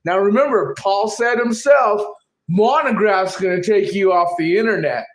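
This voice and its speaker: In an echoey room with faint noise, a high-pitched man speaking at a moderate pace rants on his channel. He's angry, profane, and accusatory, aiming his commentary at a rival.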